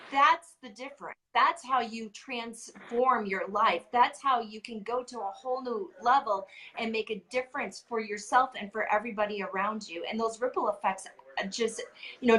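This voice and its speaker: A woman's voice: on the high side, bright, forceful tone, low-quality recording. A woman talking as a podcast guest, telling stories in an earnest, emphatic way. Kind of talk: casual heartfelt conversation.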